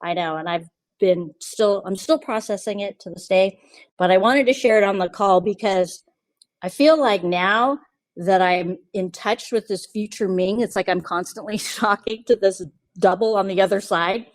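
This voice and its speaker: A woman's voice: medium pitch, moderate pace, no room sound. Woman, podcast host, casual storytelling, confiding and chatty, dry close sound. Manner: chatty, confiding, quotes others in lively asides.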